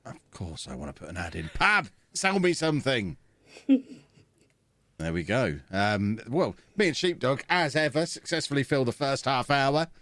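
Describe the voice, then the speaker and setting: Lively teasing podcast host. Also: male voice, mid-range voice, moderate pace, no echo. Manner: teasing, dry wisecracks. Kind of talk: casual chat.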